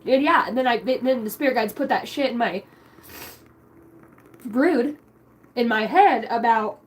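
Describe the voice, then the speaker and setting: A woman's voice: on the high side, measured pace, pauses often, low-quality recording. A young woman giving a spiritual card reading, emotional and rambling, swearing casually. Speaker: tarot card reader.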